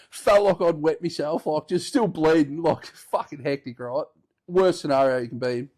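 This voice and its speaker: Australian man, slightly high voice, casual podcast host, rambling swearing yarn, bursts of laughter. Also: moderate pace, darkish tone. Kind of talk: casual storytelling.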